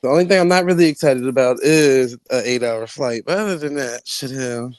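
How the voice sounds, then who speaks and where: A man chatting on a live online panel from home, brash and animated, laughing often and swearing freely. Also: mid-range voice, a little fast, dry recording. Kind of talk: casual trash-talking chat.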